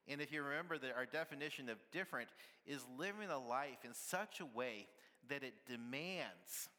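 A man's voice: medium pitch, sharp tone, big-room sound. A man preaching a sermon at church, conversational and playful, often asking the congregation "right?" with little laughs. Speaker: pastor.

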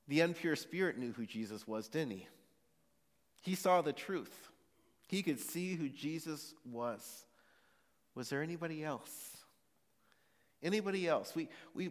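Male pastor, mid-pitched, earnest sermon delivery with halting restarts, long church reverb. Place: church sanctuary.

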